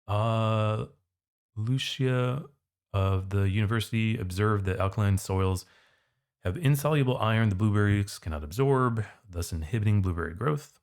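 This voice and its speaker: A man's voice: fairly low pitch, moderate pace. A man tutoring for the SAT, walking through test questions in a casual, conversational way. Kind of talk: test prep walkthrough.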